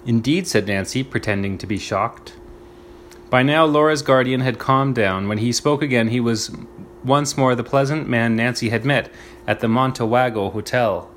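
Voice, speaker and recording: A man reading a storybook aloud, slow and deliberate, pausing to explain words. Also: medium pitch, a bit bright, a little hiss or hum. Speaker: reader.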